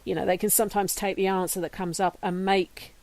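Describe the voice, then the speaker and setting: A woman's voice: medium pitch, fairly even intonation, brisk, a little mellow, no room sound. A British woman hosting a casual interview in a friendly, conversational way with plenty of fillers. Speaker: host.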